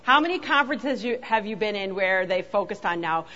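A woman's voice: medium pitch, animated, fairly quick, pushed and bright, a little hiss or hum. Chatty woman speaker at a conference, muffled sound, echoey hall. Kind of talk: conference talk. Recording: dull sound with long hall reverb.

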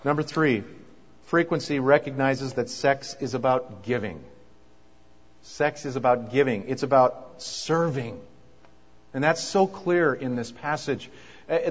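A man preaching at a marriage conference, moving from quiet asides to fervent, rising preaching. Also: mid-range voice, unhurried, husky. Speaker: pastor. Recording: dull sound with long hall reverb.

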